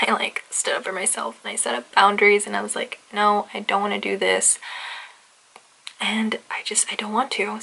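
Bright, chatty woman vlogging. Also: medium pitch, rough recording. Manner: chatty and gushing, with drawn-out emphasis. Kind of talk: casual vlog talk to camera. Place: inside a parked car and at home.

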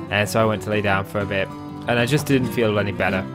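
A man's voice: lowish voice, fast. A young man hosting a casual video game let's play, talking in a chatty, rambling way with fillers and asides. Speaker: Minecraft let's play host. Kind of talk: casual gameplay commentary. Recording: faint guitar music behind.

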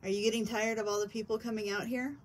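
Give me a husky woman questioning spirits patiently. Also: a little high, level tone. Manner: slow, patient, coaxing questions. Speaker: paranormal investigator. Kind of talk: questioning spirits in a ghost hunt. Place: house basement.

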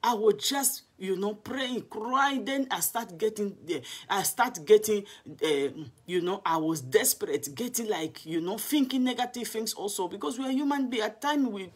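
Evangelist lady telling her testimony, husky voice, mid pitch, gets emotional and restarts a lot. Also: moderate pace. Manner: earnest, emotional storytelling with many restarts. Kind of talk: personal testimony. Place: home in London.

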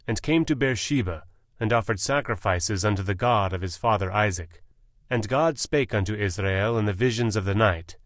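Male audiobook narrator, scripture reading, solemn and measured, lowish voice, dry close mic. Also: no room sound.

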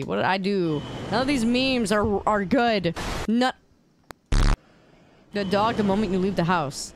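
A young woman streamer reacting to memes in casual commentary, incredulous and teasing, jumping to high exclamations. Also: unhurried, a little hiss or hum. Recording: stream with loud background music. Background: music under the voice.

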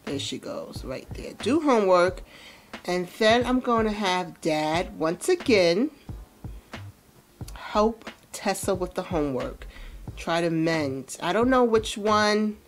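A woman's voice: fairly low pitch, takes it slowly, a little hiss or hum. A woman hosting a let's play, chatting casually and animatedly as she comments on her game. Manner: chatty, animated, laughs often. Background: faint music.

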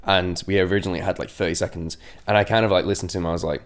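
A man's voice: low voice, fairly even intonation, racing. A man, a band's singer, chatting candidly in an interview, often restarting his sentences. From England. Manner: rambling, self-interrupting, candid. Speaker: band singer, interview guest. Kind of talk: casual interview chat.

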